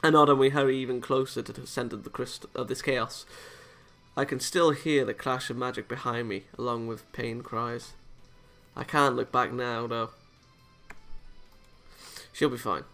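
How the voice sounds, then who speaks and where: A man's voice: mid-range voice, fairly even intonation, normal speed, a bit bright, soft background music. A young man reading a visual novel aloud as a let's-play host, casual, with jokey asides and small stumbles.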